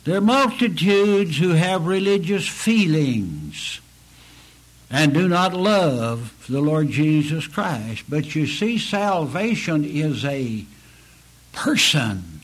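Slow, husky-voiced man preaching. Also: a little high, poor audio. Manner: slow, earnest pleading preaching with rising emphatic peaks. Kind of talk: sermon.

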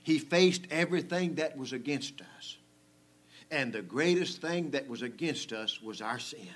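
A man preaches a sermon at an everyday middle pitch, speaking to the congregation in a folksy, conversational way. His intonation is lively and his pace unhurried. He swings between loud emphasis and quiet, hushed asides, chuckling frequently.

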